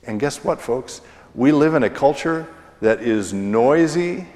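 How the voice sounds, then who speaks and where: Middle-aged guy preaching slow, drawn out pauses, big church echo on it. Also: medium pitch, lively intonation, darkish tone. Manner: slow, deliberate preaching with pauses and falling endings. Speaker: pastor. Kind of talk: sermon. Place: church sanctuary. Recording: long church reverb.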